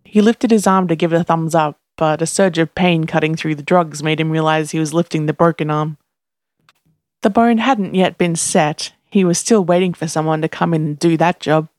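A woman narrating a story in a steady, even reading voice. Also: low-pitched, normal speed, no room sound, clean studio sound. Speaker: reader. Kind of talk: audiobook narration.

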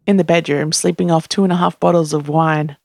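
A narrator reading the lines of a kind, earnest man in a gentle, sincere tone. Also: medium pitch, steady tone, a little fast, vocal fry, dry recording, clean studio sound, close to an everyday voice. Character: kind, earnest male time traveler.

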